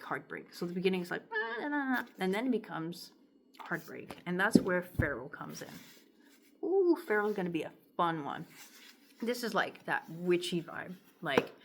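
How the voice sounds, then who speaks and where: A woman with a lowish voice rambles to camera about her songs, filling the gaps with "like" and drifting into soft murmurs when the feelings rise. Her throat is itching from talking, and a faint room hiss sits underneath. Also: sing-song, moderate pace. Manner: rambling and chatty, heavy use of "like", softening into murmurs when emotional. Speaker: songwriter sharing her lyrics. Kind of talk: casual talk to camera, reading lyrics aloud.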